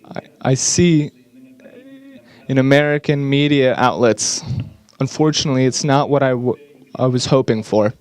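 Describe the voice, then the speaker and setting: A man giving an earnest, slightly halting English voice-over interpretation of speakers at a conference. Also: medium pitch, darkish tone, smooth.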